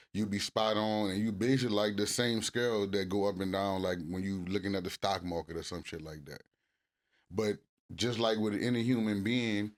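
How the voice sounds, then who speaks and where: A man co-hosting a couples podcast, talking casually and cursing freely, getting loud and animated when he acts out arguments. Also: on the low side. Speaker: podcast co-host.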